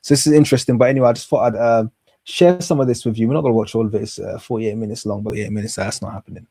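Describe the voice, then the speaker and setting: A man's voice: fairly low pitch, fairly even intonation, racing, vocal fry, warm tone, dry recording. A man hosting a casual commentary, sarcastic and rambling. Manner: sarcastic, rambling, laughs at his own jokes. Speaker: commentary host.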